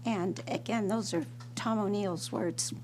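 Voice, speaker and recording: An American woman making a measured, earnest public comment at a council meeting, reading a letter aloud. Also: medium pitch, a little mellow, a little hiss or hum.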